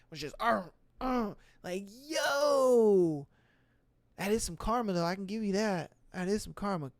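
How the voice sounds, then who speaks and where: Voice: mid-range voice, no room sound, clean studio sound. A podcast host casually reading out listener stories and reacting to them in slang, often laughing.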